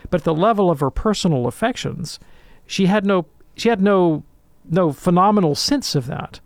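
A man in a call-in radio discussion, answering a listener's question in an animated, lecturing way and checking in with "right?". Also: high-pitched, normal speed, creaky, no room sound.

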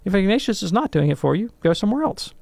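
Answering a caller on a radio discussion, a man lectures in an animated way, checking in with "right?" as he goes. He's high-pitched and fast, with vocal fry, and there's no room sound.

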